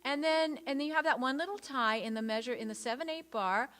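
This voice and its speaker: High-voiced woman leading a choir rehearsal. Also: fast talker, a bit bright. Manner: counts beats aloud and sings parts to demonstrate; encouraging, patient. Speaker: choir director. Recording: rehearsal room with piano behind.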